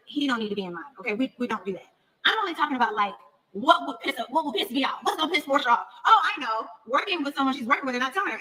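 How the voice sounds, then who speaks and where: A woman's voice: sits high, pushed and bright, rough recording. A middle-aged woman, a reality TV cast member, telling a story in a blunt, casual podcast rant and swearing freely.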